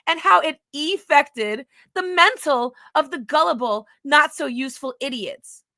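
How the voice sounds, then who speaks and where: Girl doing some dull guy reading his texts back, higher voice, mocking. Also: expressive, unhurried, sharp tone, no room sound, studio quality, heavily acted. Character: dull, bland adult man texting back.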